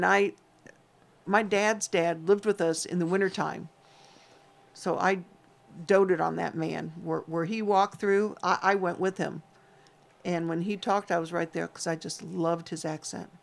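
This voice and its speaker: Reading viewer comments aloud on a homestead livestream, this female co-host keeps things casual, playful and talkative. She has a gravelly voice in the middle range.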